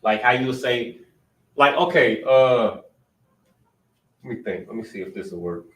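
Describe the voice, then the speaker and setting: A man's voice: mid-range voice, animated, unhurried, fairly bright tone. A man teaching an informal class, patiently explaining step by step and thinking aloud. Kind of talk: informal Hebrew grammar class. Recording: roomy, distant mic.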